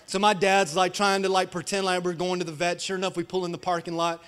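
High, bright-voiced storytelling pastor. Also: male voice, fast, smooth. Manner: animated, acts out quotes with shouts and laughter. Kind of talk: storytelling sermon. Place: church sanctuary. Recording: long church hall reverb.

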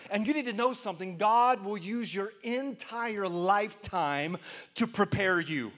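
High-pitched male pastor preaching with fervent call-and-response. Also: normal speed. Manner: call-and-response preaching, rising to loud emphatic peaks. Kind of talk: sermon.

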